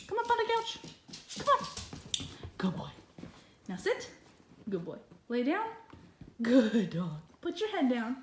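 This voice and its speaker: A woman's voice: high-pitched, a bit bright, a little hiss or hum. A young woman filming at home, talking to her dog in sing-song baby talk full of praise and laughter. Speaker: vlogger. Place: home living room.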